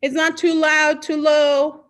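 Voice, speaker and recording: Upbeat high-voiced woman leading storytime. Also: little pitch movement, slow pace. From Mexico. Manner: upbeat, patient, teacher-like, switching between English and Spanish words. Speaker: children's librarian. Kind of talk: online children's storytime.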